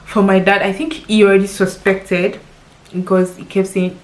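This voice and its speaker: A Nigerian woman in her thirties speaks to her vlog audience about something deeply personal. Her voice is tearful at times and heartfelt, and she repeats words for emphasis as she tells her story. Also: flat delivery, normal speed, darkish tone, rough recording. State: crying at times. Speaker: lifestyle vlogger.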